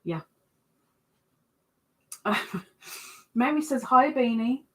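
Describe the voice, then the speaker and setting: Slow-talking woman chatting on a livestream. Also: fairly high pitch, expressive, a bit bright. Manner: chatty and self-mocking, reads out comments. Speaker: livestream host. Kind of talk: casual livestream chat reading viewer comments.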